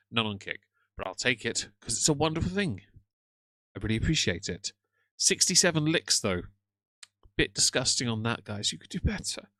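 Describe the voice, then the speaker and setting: Male live-stream host, wry, mid-pitched voice, dry close sound. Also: bright, forceful tone, no room sound. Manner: chatty, greets viewers, wry teasing. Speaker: livestream host reacting to a video. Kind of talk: casual live-stream chat.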